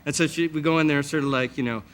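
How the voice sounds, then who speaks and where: A man from Canada, a talk-show guest, telling a comic story with lively acted-out voices. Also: fast talker. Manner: animated, acts out voices with high shrieks. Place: TV studio with live audience. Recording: TV studio audio, crowd and noise. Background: audience laughter.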